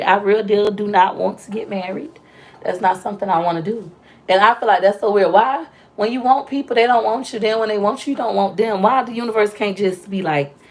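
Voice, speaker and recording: A young woman chatting loudly and talkatively with viewers on a casual live stream, telling stories with playful, animated quoted voices. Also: mid-range voice. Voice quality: loud, talkative. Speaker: livestream host.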